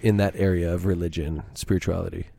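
A man's voice: low-pitched, steady tone, quick pace, creaky, dark tone, no echo, clean studio sound. A middle-aged man hosting a podcast, talking in a laid-back, rambling, casual way. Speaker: podcast host, father.

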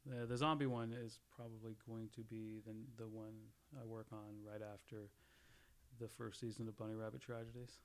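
A man's voice: on the low side, flat delivery, moderate pace. A man in casual podcast chat, rambling through jokey theories with frequent laughs and restarts.

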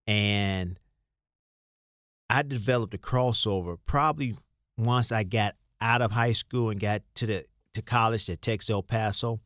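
This guest is an older ex-basketball player from Chicago whose low-leaning voice is captured cleanly in the studio with no room sound. Speaking casually, he wanders through anecdotes, restarts his thoughts, and acts out what others said.

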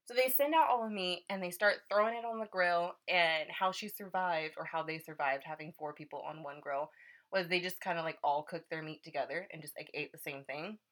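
A young woman telling a story in casual chat, animated and laughing often, acting out her own thoughts. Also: on the low side, fairly quick.

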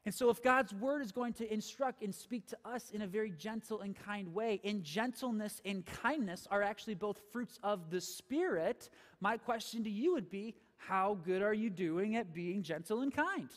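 A man with a very high voice delivers a sermon as pastor. He preaches with emphasis and throws rhetorical questions at the congregation. His voice rings out with a long reverb in a large church hall. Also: animated, moderate pace.

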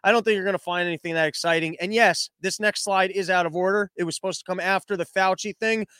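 A man's voice: high-pitched, steady tone, fast, sharp tone, smooth, no echo, studio quality. A man hosting a podcast, giving casual, sarcastic commentary on the news in a rambling, mocking way. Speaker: podcast host.

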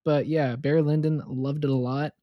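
A podcast co-host chatting about films in a relaxed, easygoing way with dry humor. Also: mid-range voice, moderate pace, dry recording, lo-fi sound. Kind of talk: casual film chat.

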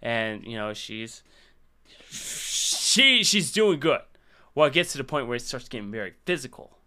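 A man's voice: mid-range voice, animated, brisk, bright, forceful tone. A young adult man hosting a podcast, telling crude stories in a rambling way with many fillers. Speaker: podcast host. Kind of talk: casual podcast chat.

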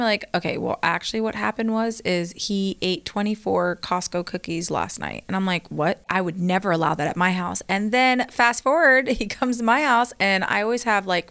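A woman in her thirties, co-hosting a casual chat and telling animated stories about her kids. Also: medium pitch, vocal fry. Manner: chatty storyteller, animated quoted voices. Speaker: co-host.

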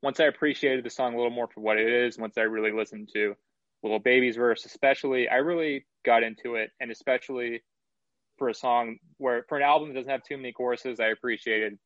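A man co-hosting a podcast, giving relaxed, reflective opinions in a casual music review chat. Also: mid-range voice, fairly quick, dry recording, muffled recording. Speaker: podcast co-host.

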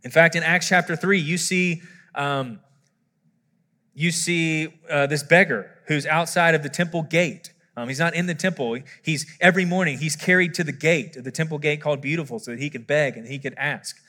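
A man preaching a sermon as a pastor, animated and building to emphatic peaks, with some scripture read aloud. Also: on the high side, moderate pace. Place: church auditorium. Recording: long hall reverb.

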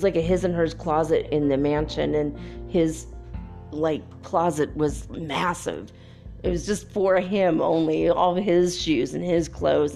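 A young woman telling a story in a casual monologue, dreamy and full of "like" fillers. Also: mellow. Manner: dreamy, many "like" fillers, quotes others in a higher voice. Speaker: spiritual vlogger.

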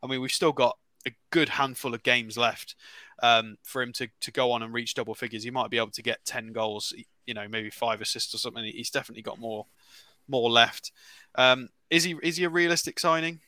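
Fairly quick, with fairly even intonation, this medium-pitched voice sounds pushed and bright, heard with no echo. He's an English-accented co-host of a casual football podcast, rambling through player stats full of fillers and restarts.

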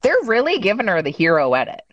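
A woman chatting casually as a podcast co-host, talking in quick bursts with plenty of "like" and acting out what others said. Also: mid-range voice, big pitch swings, dry recording, highs cut off. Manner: chatty, lots of "like" and restarts, acts out quotes. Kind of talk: casual chat recapping a reality show.

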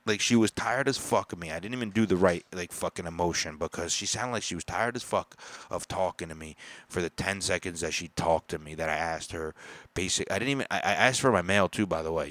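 Low-voiced man ranting loudly. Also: no room sound. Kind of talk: angry personal rant.

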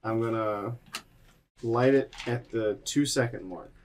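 A man's voice: medium pitch, unhurried, a little hiss or hum. A man playing a tabletop game, explaining his plans in a rambling, hesitant way. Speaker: player. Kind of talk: casual game chat.

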